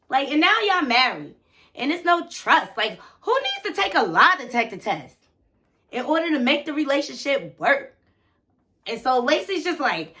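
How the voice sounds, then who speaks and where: A woman's voice: high voice, big pitch swings, normal speed, pushed and bright. A woman giving a casual, gossipy recap of a reality show, talking straight to her viewers with sassy asides.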